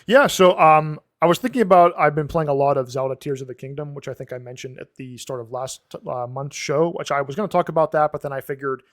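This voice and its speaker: A man's voice: on the high side, no room sound, clean studio sound. A man co-hosting a podcast, chatting casually and leaning on "like" as a filler. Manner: quick and chatty, many "like" fillers. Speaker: podcast co-host.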